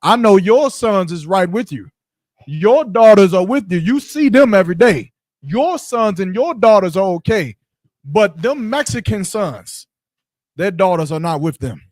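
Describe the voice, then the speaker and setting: A Bible teacher with a high-sitting, animated, slightly mellow voice gives street-style scripture teaching at a measured pace, with no echo. He speaks in short, punchy lines, poses rhetorical questions, and directs a reader between verses.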